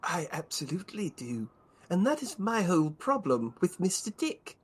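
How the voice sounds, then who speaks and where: Casting: a player doing an eager, fussy male adventurer, animated voice, talks around in circles. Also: medium pitch, moderate pace, husky. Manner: flustered, rambling, chatty.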